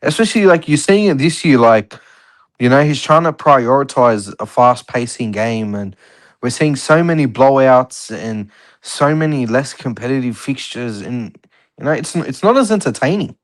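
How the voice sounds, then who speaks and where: A man's voice: mid-range voice, animated, normal speed. A young Australian man co-hosting a sports podcast, chatting casually in a rambling, slangy way. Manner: laid-back, rambling, slangy. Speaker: podcast co-host. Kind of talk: casual chat.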